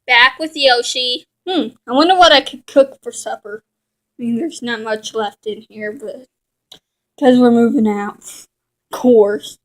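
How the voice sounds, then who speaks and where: A woman's voice: fairly high pitch, measured pace. A woman narrating and voicing toy cats in a casual, drawling, slangy way for a homemade skit.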